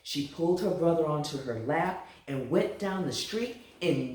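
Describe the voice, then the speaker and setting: Animated storybook reader in an echoey room. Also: medium pitch, measured pace, few pauses, recorded from a distance. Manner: animated, playful, chatty sign-off. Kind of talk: reading a picture book aloud.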